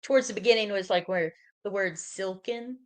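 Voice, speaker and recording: A woman's voice: mid-range voice, normal speed. A woman student giving tentative, hesitant answers in a class discussion.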